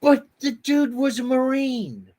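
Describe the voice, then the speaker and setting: A middle-aged man hosting a casual outdoor chat, telling animated stories and laughing often. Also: very high voice, unhurried. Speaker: host.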